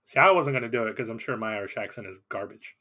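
A man's voice: lowish voice, lively intonation, fast, pushed and bright. Dry-humored podcast guy chatting casually, filler ums, podcast mic. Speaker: podcast co-host. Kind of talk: casual chat.

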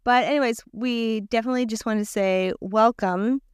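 A woman's voice: on the high side, normal speed, smooth, no room sound, studio quality. A woman co-hosting a podcast, chatty and giggly, with many fillers. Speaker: podcast co-host. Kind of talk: casual podcast chat.

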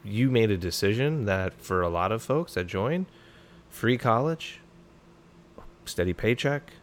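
A man with a very low voice talks in a blunt, fired-up, profane way as a podcast guest. He sounds middle-aged, and a faint hiss sits under his voice. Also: expressive, measured pace. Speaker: podcast guest, former special operations soldier. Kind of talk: casual podcast conversation.

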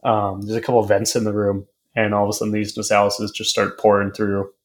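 A man's voice: lowish voice, monotone, brisk. A man co-hosting a podcast in casual chat, recapping loosely with fillers and casual swearing. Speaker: podcast co-host.

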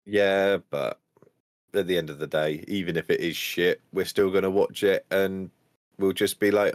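Deep-voiced laid-back male co-host. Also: steady tone, moderate pace, no room sound. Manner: laid-back, stumbles over words. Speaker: podcast co-host. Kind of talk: casual chat.

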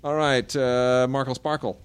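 A man's voice: medium pitch, level tone, a little slow, clean tone. A man co-hosting a podcast, chatting casually and rambling through a movie review in a loose, jokey way. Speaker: podcast co-host.

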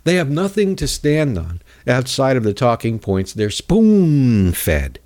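A man's voice: mid-range voice, wildly swooping pitch, slow, darkish tone. A man hosting a political talk show, delivering a rambling, sarcastic monologue and mocking his opponents in put-on voices.

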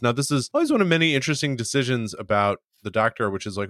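A man's voice: mid-range voice, big pitch swings, fast talker, fairly bright tone, dry recording, clean studio sound. A man co-hosting a podcast in casual chat, hesitant and thinking aloud with many restarts. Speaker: podcast co-host.

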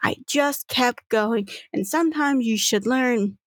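A woman's voice: fairly high pitch, unhurried, no echo. A woman voicing a sluggish, hungover young shopkeeper girl with bunny ears, who talks with weary, sing-song politeness. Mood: rambling.

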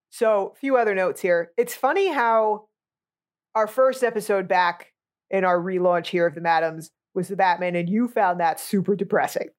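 A woman's voice: mid-range voice, unhurried, long pauses. A woman co-hosting a podcast, chatting casually about a movie in a blunt, sarcastic, sweary way. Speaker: podcast co-host.

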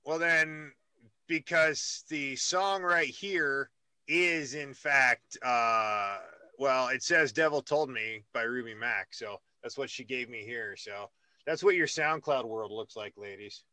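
A man's voice: mid-range voice, slow pace, sharp tone, no echo. A man hosting a casual interview, rambling and joking with many restarts. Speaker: radio host.

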